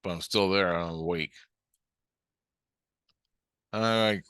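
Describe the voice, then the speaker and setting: A man's voice: sits low, measured pace, pauses often, fairly bright tone, clear, resonant tone, no echo, clean studio sound. A middle-aged man telling a rambling, profane story about a strange experience, agitated and full of restarts. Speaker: vlogger recounting a spiritual experience.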